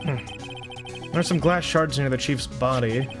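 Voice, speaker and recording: A man's voice: mid-range voice, moderate pace. A man live-streaming a video game, reading the dialogue and narration aloud in his own voice. He adds blunt, crude remarks between lines, with game music playing under him. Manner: reads game text aloud with crude asides. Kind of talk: live gameplay reading and commentary.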